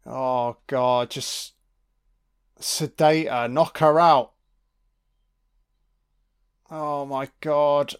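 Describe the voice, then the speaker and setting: A man giving a casual watch-along film commentary, full of excitable, profane reactions. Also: mid-range voice, drawn-out words, pauses often, clean tone.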